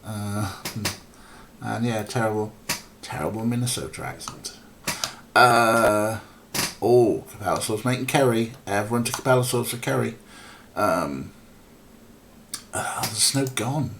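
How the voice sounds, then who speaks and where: Guy lowish voice, casual rambly game stream, swears and ums. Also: measured pace, long pauses, noisy background. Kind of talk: casual let's play commentary.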